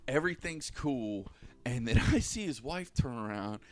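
A man's voice: mid-range voice, moderate pace. A man casually telling a long, profane story to friends, laughing and acting out the people in it. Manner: animated, profane, laughing storyteller who acts out quotes. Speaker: podcast co-host telling a story.

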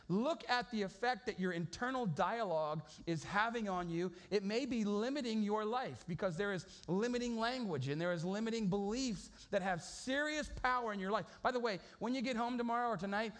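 A man's voice: high-pitched, fairly bright tone. A man preaching a sermon in a casual, storytelling way, often repeating words as he goes. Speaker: pastor.

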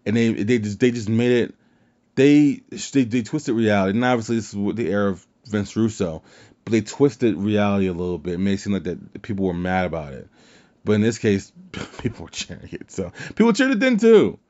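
Man, podcast host, casual chat, swears freely, mellow, dull lo-fi recording. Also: fairly low pitch, fairly quick. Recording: dull lo-fi sound.

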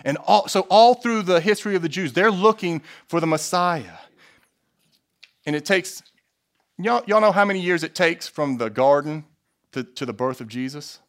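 A man preaching a sermon, his voice a little higher than most men's. He slows down hard on key lines and keeps asking the congregation questions. He throws in jokey asides. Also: expressive. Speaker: pastor.

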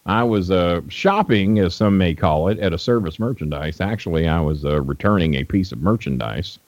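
A man's voice: lowish voice, darkish tone, no room sound, lo-fi sound. A man from Louisville telling rambling, profane stories as a guest on an interview show. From Louisville, Kentucky. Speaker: guest, wrestling manager. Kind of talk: casual interview storytelling.

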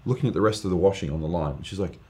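A man, a guest preacher, telling an earnest, animated testimony story in casual podcast chat, with lots of fillers. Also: low-pitched, very fast.

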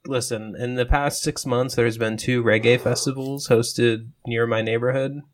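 A man's voice: mid-range voice, steady tone, normal speed. A man co-hosting a podcast in casual chat, rambling with plenty of fillers and swearing. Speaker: podcast co-host.

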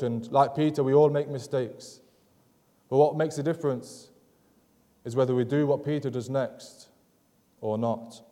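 A man preaching a sermon in an earnest, measured way, driving points home through repetition. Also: mid-range voice, dark tone, in a large hall. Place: church sanctuary.

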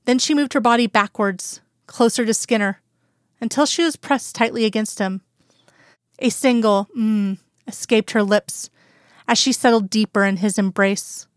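A woman narrating a romance story aloud in a calm, even storytelling manner. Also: a little high, moderate pace, no echo, clean studio sound. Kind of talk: reading romantic fan fiction aloud.

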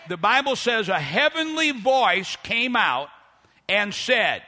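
A man preaching a sermon as pastor, animated, swinging between loud outbursts and quiet, slow asides. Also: some chatter behind, slight background noise. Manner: animated preaching, pitch and volume swinging widely, voicing people in his story. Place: church hall. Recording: long reverb of a large hall.

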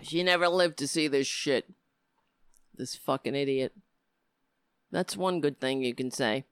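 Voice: mid-range voice, measured pace, clear, resonant tone, no room sound. A middle-aged livestream host talking straight to viewers, ranting in a heated, profane way and sometimes slipping into easygoing chat. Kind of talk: casual livestream talk.

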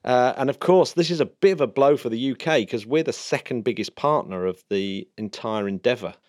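A man's voice: mid-range voice, expressive, fairly quick, darkish tone, dry recording, studio quality. A man co-hosting a podcast in casual, enthusiastic, jokey chat. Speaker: podcast co-host.

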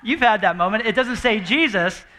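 Brief: young male pastor, high bright voice, chatty and animated, preaching on a stage. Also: moderate pace. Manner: animated and conversational, acting out quoted voices. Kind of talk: sermon. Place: church stage before a congregation.

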